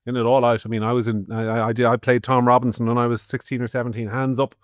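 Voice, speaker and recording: A man's voice: medium pitch, level tone, rapid-fire, dry recording, studio quality. An Irish man co-hosting a podcast, giving opinionated political commentary in a sardonic, swearing tone. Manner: sardonic, swearing, swings loud and soft. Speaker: podcast co-host.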